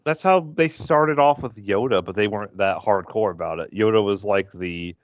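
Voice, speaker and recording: Low-voiced midwestern dude geeking out, dry muffled podcast sound. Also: male voice, normal speed, dry recording. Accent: Midwestern American. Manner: enthusiastic fan, rambling storyteller. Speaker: podcast co-host. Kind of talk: casual chat. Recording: dry, dull lo-fi podcast audio.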